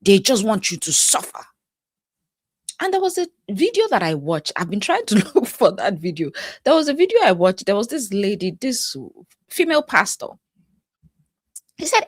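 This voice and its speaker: A Nigerian woman hosts a reaction vlog in an animated, chatty way, laughing often as she talks. Her voice sits a little high and swings widely in pitch. The sound is close and dry, with no room echo. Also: moderate pace, breathy edge. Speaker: life coach and host. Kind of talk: reaction commentary.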